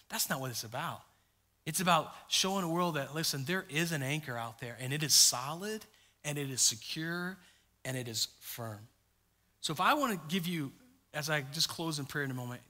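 A man preaching a sermon as pastor, telling a story with lively acted-out quotes. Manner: storytelling, acts out quotes with big pitch jumps. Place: church sanctuary. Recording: long hall reverb.

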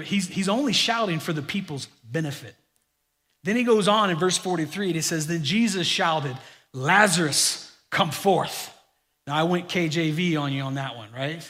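A middle-aged man preaching a sermon to his congregation, animated and joking with them in asides. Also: on the high side, moderate pace. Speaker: pastor. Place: church sanctuary. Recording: long reverb of a large hall.

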